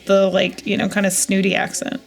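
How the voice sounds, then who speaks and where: Woman, thirties, from the U.S.; gravelly, chatty vlogger muttering to herself. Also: mid-range voice, flat delivery, a little fast. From United States. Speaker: jewelry reseller vlogger. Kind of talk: casual chat while unboxing.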